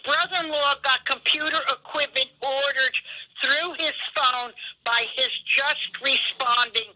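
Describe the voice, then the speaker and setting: A woman's voice: high voice, steady tone, a little slow, bright, forceful tone. A woman calling in by phone, angrily telling a profane story about scam calls. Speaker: caller. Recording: phone line.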